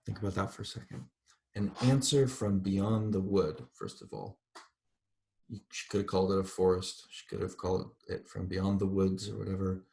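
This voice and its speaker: A man giving a university literature lecture, reading passages aloud and pausing to explain them in a thoughtful, digressive way. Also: low voice, vocal fry, mellow.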